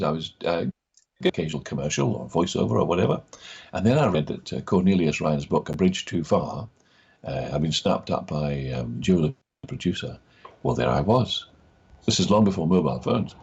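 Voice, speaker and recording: Deep husky older Scottish man. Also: darkish tone, dull audio. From Scotland. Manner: acts out quoted voices in his stories. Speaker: actor guest. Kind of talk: anecdotal interview storytelling.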